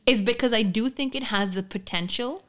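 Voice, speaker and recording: Chatty woman with a high voice. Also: normal speed, fairly bright tone. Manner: stammering restarts, searching for words. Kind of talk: casual chat.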